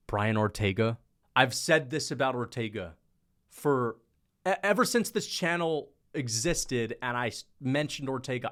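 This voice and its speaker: Young dude rambling thru fight picks, slangy, lots of likes and dudes, mid pitch. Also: male voice, fairly bright tone. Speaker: MMA prediction YouTuber. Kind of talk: casual fight breakdown monologue.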